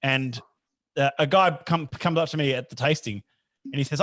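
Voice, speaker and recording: A man's voice: medium pitch, a little fast, fairly bright tone, no echo. A man hosting a casual evening video chat, telling rambling stories and correcting himself as he goes. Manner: rambling, self-correcting storyteller. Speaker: host. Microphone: video call.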